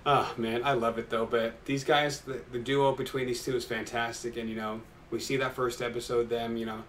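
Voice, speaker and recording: A young man excitedly recapping an anime episode for his viewers, rambling with lots of fillers. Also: mid-range voice, normal speed, slight background noise. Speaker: anime reaction YouTuber.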